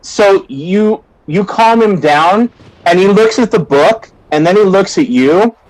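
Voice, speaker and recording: A man's voice: high voice, expressive, a little slow, a little mellow, poor audio. A man in a tabletop game, calling for rolls in a casual, playful way. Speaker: game master.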